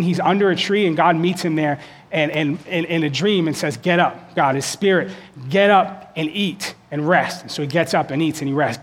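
A man with a noticeably high-pitched voice preaches in a loose, conversational way. He circles back on his words and keeps checking in with his listeners. The delivery sounds like a pastor talking plainly with his congregation. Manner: casual, repeats words, often checks in with "okay?". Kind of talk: conversational sermon.

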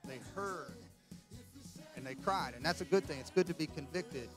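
A man's voice: a little high, normal speed. A man preaching a conversational sermon as pastor, emphatic and full of "right?" asides. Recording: clear music under the voice.

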